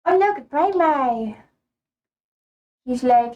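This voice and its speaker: A woman's voice: high voice, animated, slow pace, long pauses, lo-fi sound. A young woman live streaming from home, chatting casually in a rambling, easygoing way, swearing offhandedly and laughing easily.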